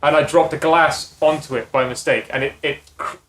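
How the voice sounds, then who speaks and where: A man's voice: a little high, fairly even intonation, a little fast, fairly bright tone, a little hiss or hum. A man in a casual podcast chat, telling a small mishap in a wry, understated way. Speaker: podcast co-host. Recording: echoey room.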